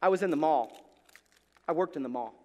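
A man from Alabama with a Southern accent, preaching a sermon in a church and telling a story, moving from hushed tones to loud bursts. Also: on the high side, brisk, long reverb tail. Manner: animated, swings from hushed to loud, acts out voices. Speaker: pastor. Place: church sanctuary.

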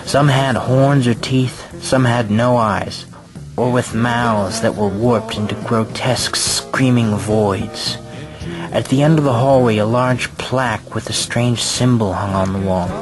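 A man narrating a spooky story in a steady, even storytelling manner, over clear background music. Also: medium pitch, a little slow. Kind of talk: scripted narration.

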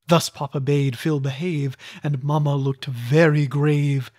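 A reader narrates old rhyming children's tales with a theatrical touch, swooping up for exclamations and dropping low for grim endings. The pace is slow and unhurried at a middle pitch. The recording is dry and close, with no room echo. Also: fairly even intonation, a little mellow. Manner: deliberate, theatrical reading with voiced characters. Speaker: audiobook reader. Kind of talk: storybook verse narration.

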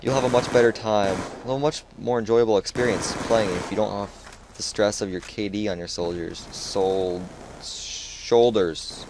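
Laid-back low-voiced guy talking over gameplay. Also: steady tone, brisk, few pauses, noisy background. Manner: laid-back, chatty, says dude and like a lot. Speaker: gamer sharing a match. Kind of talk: casual gameplay commentary.

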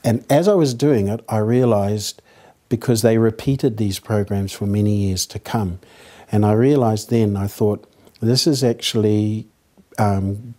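A man with a New Zealand accent and a fairly low voice, recalling his acting work in a thoughtful, anecdotal way. He answers interview questions like a storyteller. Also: warm tone. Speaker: actor being interviewed.

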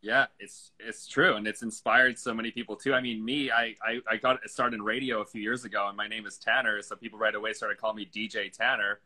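A man's voice: on the low side, flat delivery, a little fast, hardly any pauses, bright, forceful tone. A young man hosting a casual livestream interview, eagerly asking questions. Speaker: interview host.

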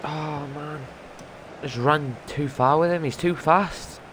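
A young man giving live commentary over his own football video game play, muttering remarks and bursting into loud shouts when something happens. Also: a little high, slow, noisy background. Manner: excitable, loud outbursts between muttered remarks. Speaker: gaming streamer.

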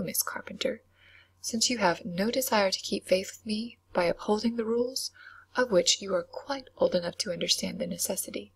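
A woman voicing a stern, composed headmistress in a whispered role-play reading, quiet and severe. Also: medium pitch, creaky, slightly rough.

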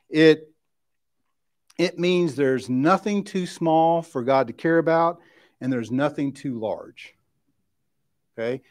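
Man teaching a relaxed Bible class. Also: on the high side. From West Tennessee. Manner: informal, keeps asking "right?", restarts and checks in with the class. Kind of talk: conversational Bible study lesson. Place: church classroom.

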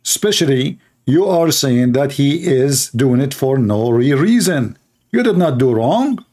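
A man's voice: mid-range voice, lively intonation, unhurried, mellow. A middle-aged man who is a Christian apologist host. He gives heated, emphatic livestream commentary and repeats himself a lot. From Arab world.

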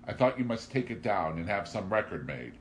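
A man voicing a crafty vagabond who speaks gently and politely, playing innocent. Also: fairly low pitch, sing-song, a little fast, slight background noise, voice pushed up. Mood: mock-innocent.

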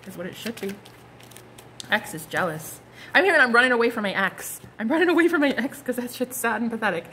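A woman's voice: fairly high pitch, expressive, quick pace, bright, forceful tone, a little hiss or hum. A woman giving a casual, gushing tarot reading, full of slang and asides. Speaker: tarot card reader.

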